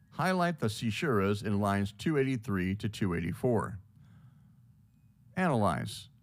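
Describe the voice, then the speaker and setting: A man's voice: mid-range voice, no echo. A man reading a scripted lesson on poetry, explaining each point.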